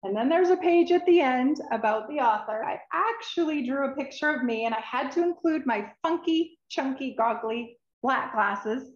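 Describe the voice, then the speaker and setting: Woman, children's book author, reading aloud, expressive and sighing, unhurried, roomy muffled recording. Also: high voice. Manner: expressive, emotional, with sighs and drawn-out words. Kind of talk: reading her own picture book aloud.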